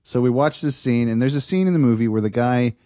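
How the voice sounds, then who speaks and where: A man's voice: mid-range voice, fast talker, dark tone, no echo, clean studio sound. Man telling a rambling story. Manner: rambling storyteller, laughs at his own stories. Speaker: podcast co-host. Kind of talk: casual chat.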